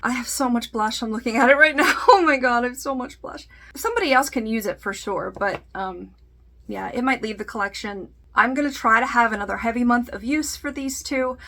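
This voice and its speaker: A woman's voice: a little high, fairly quick, pushed and bright. A woman talking casually to camera in a makeup vlog, chatty and self-deprecating, trailing off into fillers. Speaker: beauty YouTuber.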